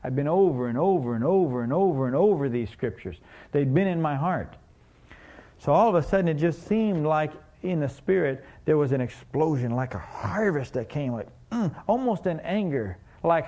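A man's voice: on the high side, moderate pace, warm tone. A man preaching a sermon, telling a story and asking the congregation questions in a conversational way.

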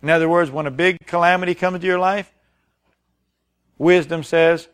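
A man's voice: fairly high pitch, fairly even intonation, moderate pace, pauses often, clear, resonant tone. A man preaching a sermon, reading scripture and putting emphatic questions to his congregation. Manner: reads scripture aloud, then explains it plainly. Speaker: pastor.

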